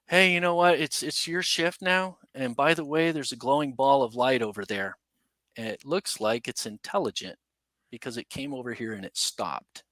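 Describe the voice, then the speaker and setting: A man guesting on a podcast, telling a story casually in a rambling, animated way full of asides. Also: medium pitch, no echo. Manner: animated, rambling, with many "you know" and "right?" asides.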